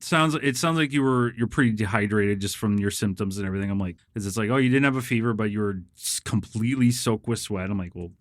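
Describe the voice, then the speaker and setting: A man's voice: on the low side, quick pace, hardly any pauses, no room sound, studio quality. A man telling a story casually, swearing a lot and laughing as he acts out the people in it. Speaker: guest.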